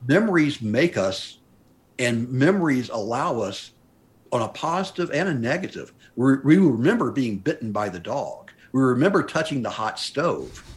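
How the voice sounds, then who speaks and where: A man's voice: mid-range voice, moderate pace. Storytelling older man in podcast chat. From United States. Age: 60s. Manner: storytelling, animated quoting. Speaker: podcast guest, mountaineer. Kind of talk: casual interview chat.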